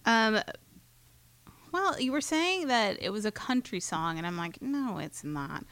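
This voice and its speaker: Deadpan playful female podcast co-host. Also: on the high side, unhurried, clean tone, dry recording. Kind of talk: casual chat.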